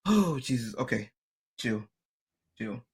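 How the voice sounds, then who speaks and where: A man joins a casual stream chat with a husky voice. His pitch leaps up and down as he reacts with disbelief. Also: sing-song, slow pace.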